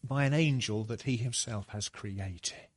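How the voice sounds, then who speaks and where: A man preaching a sermon, slow and deliberate, building to emphatic peaks. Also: medium pitch.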